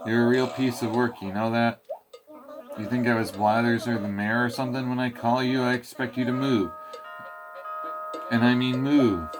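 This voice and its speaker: A man voicing a gruff, angry male mole who scolds and rants in slangy tough talk, with game music behind. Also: medium pitch, fairly even intonation, moderate pace, long pauses, close to an everyday voice. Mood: scolding.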